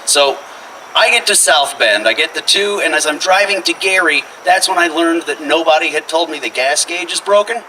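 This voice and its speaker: A man tells a wild story on stage with a bright, forceful voice that leaps up high for the quoted lines. He sounds a little distant from the mic, with faint noise in the room. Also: moderate pace. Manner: animated, swings into loud quoted voices. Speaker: stand-up comedian. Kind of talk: storytelling stand-up set. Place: house living room show.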